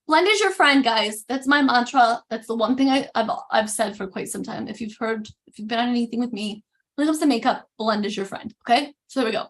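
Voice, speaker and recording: Chatty high-voiced woman demoing makeup. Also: a little fast. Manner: chatty, animated, self-interrupting. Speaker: makeup demo host. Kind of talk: casual live makeup tutorial.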